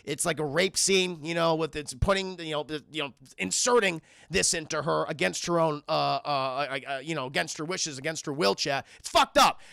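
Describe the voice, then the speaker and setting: A man with a high, heavily gravelly voice and a sharp, bright edge, recapping a movie live for his stream chat. He talks in an animated, profane rush through each scene, keeps turning to address the chat, and sounds close and dry. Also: normal speed, few pauses, dry recording. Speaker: streamer and film reviewer. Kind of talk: livestream film review chat.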